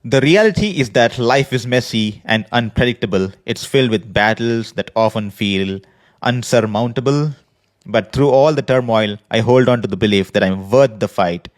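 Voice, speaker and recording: A man hosting a podcast, speaking in an earnest, measured personal monologue from a prepared script. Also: medium pitch. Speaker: podcast host. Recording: podcast voice recording.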